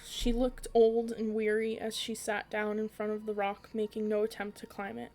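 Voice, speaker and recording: Lady reading a bedtime story for a podcast, pretty monotone, stumbles now and then. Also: medium pitch, normal speed. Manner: even, occasional slips and restarts.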